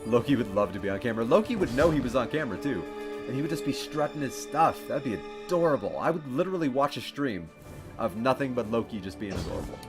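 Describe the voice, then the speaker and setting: A young man with a mid-range voice talks animatedly and quickly while streaming a game, with game music playing. He rambles casually in his livestream chat, giggling a lot and using baby talk with his dog.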